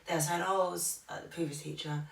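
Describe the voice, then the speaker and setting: A young woman chats on a podcast about her teaching job and slips into the voices of the people in her stories. Her voice is low and gravelly. She sits back from the mic in an echoey room. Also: steady tone, fairly quick, far from the mic. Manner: chatty storytelling, acting out what others said. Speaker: podcast co-host and primary school teacher. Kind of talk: casual podcast chat.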